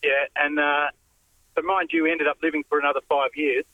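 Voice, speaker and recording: A man calling in to a radio show, telling a story haltingly with many fillers. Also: on the high side, flat delivery, no room sound, phone-quality sound. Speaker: radio caller. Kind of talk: casual storytelling on the phone.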